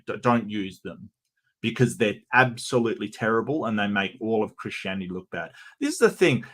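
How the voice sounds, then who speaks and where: A man's voice: fairly low pitch, a bit bright. Stammering Australian man chatting with viewers. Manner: chatty, stammering restarts, joking with chat. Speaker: streamer host. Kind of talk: casual livestream chat.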